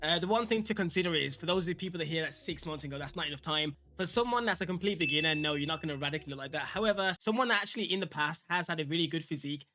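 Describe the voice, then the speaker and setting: A fitness vlogger rattles off his take on a clip very quickly, barely pausing, in a slightly high voice with a sharp edge. His commentary is casual and opinionated, aimed squarely at his viewers.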